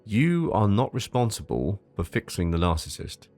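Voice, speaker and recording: A man's voice: lowish voice, big pitch swings, normal speed, a little mellow, faint music behind. A man hosting a solo advice podcast. He reads from a script, stumbles over repeated words, and drops into casual asides, sometimes with a swear. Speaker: podcast host.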